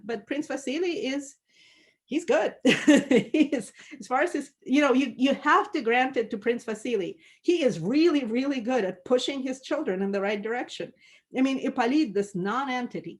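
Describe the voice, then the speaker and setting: A woman leading an online book discussion, talking with lively enthusiasm, laughing often and filling pauses with "like" and "um". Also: on the high side. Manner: lively and animated, laughing often, many fillers. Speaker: discussion leader.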